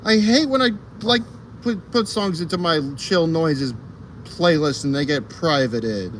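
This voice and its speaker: A man's voice: a little high, a little slow, fairly bright tone, slight background noise. A man livestreaming outdoors on a fire escape, rambling and swearing casually, laughing often and trailing off into ums and uhs. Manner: rambling, profane, laughs a lot, trails off in fillers. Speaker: streamer.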